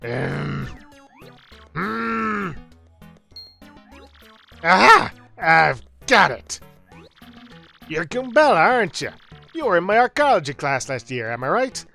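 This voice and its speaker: A man's voice: sits high, big pitch swings, takes it slowly, creaky, long pauses, pushed and bright, faint music behind, pitched above the performer's own voice, exaggerated voice. A man voicing an absent-minded old male professor, in a slightly southern old man voice. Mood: doddering.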